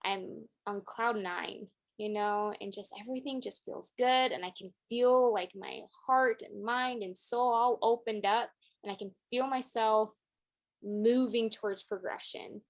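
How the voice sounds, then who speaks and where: A woman's voice: mid-range voice, fairly even intonation, a little slow. A woman co-hosting a podcast, speaking earnestly in casual chat with frequent "like". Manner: earnest, lots of "like". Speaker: podcast co-host.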